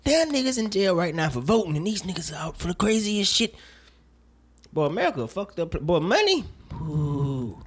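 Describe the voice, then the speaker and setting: A man hosting a laid-back podcast, chatting in an animated, joking way. He swears freely and drifts off into rambling asides. His voice sits a little high for a man. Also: moderate pace, breathy edge. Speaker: podcast host. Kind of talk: casual chat.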